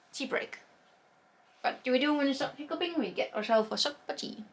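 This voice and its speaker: A woman's voice: high voice, fast. A woman chatting casually about knitting projects, rambling, losing her words and trailing off with fillers. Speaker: knitting vlogger.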